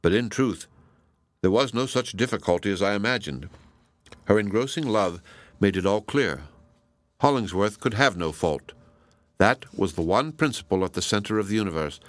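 A man reading a classic novel aloud as audiobook narration, in a measured, deliberate way. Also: on the low side, no room sound. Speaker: audiobook reader. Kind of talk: scripted narration.

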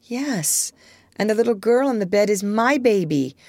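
A woman reading aloud and voicing a gentle, apologetic grown-up mother. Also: medium pitch, animated, moderate pace, dry recording, pitched above the performer's own voice. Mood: faltering. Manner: tender, apologetic. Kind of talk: storybook reading.

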